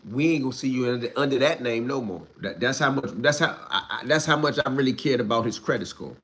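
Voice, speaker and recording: A young man rants on a livestream in a mid-pitched voice, blunt and full of street slang and swearing. His voice climbs higher and louder when he gets heated, then drops back down. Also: lively intonation, quick pace. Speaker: livestream host. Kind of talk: ranting livestream commentary.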